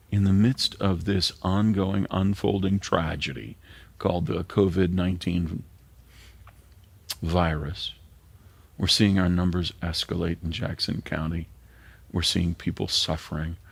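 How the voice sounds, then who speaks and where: A middle-aged man, a pastor, preaching a sermon in an earnest way and sometimes dropping to a hushed near-whisper. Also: sits low, vocal fry, slightly rough, no echo.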